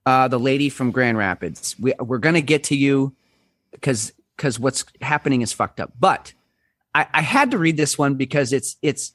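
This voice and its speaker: A man's voice: medium pitch, fairly bright tone, no room sound, studio quality. A man hosting a casual podcast, rambling through his points with restarts and wry asides. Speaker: podcast host.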